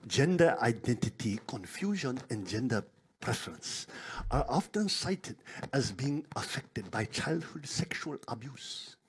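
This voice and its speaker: A solemn male scientist in a mock German accent, as a preacher puts him on, reading slowly in a soft, husky half-whisper. The voice drifts through a wide, lively pitch range. It sounds like a studied quotation rather than plain speech. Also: full character voice.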